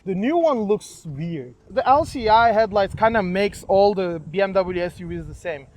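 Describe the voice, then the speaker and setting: Young male car vlogger, high voice, slangy and joking, faint background noise. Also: lively intonation, normal speed, a little mellow. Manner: slangy and joking, says "bro". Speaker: car reviewer. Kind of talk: casual car review vlog.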